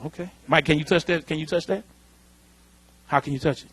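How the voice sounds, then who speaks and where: A man preaching a lively sermon in church, calling out to the congregation. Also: on the high side, brisk, husky, no room sound. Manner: animated preaching, calls out to the congregation. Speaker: pastor. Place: church sanctuary.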